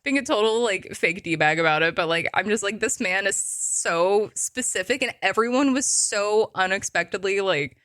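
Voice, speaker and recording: A woman's voice: medium pitch, animated, moderate pace, hardly any pauses, fairly bright tone, dry recording, studio quality. A woman guest on a podcast, telling stories in casual chat with lots of filler words and frequent laughter.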